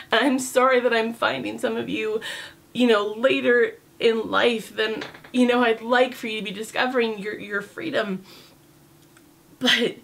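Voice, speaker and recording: A woman's voice: fairly high pitch, gravelly, fairly bright tone. A woman talking candidly to camera in a casual vlog, chatty and sassy, with lots of fillers. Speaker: vlogger.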